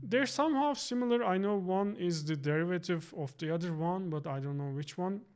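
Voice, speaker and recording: A man presenting a software synthesizer tutorial, thinking aloud with fillers and quick self-corrections. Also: high voice, clean tone, faint music behind. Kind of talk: screen-recorded software tutorial. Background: synth tones playing under the voice.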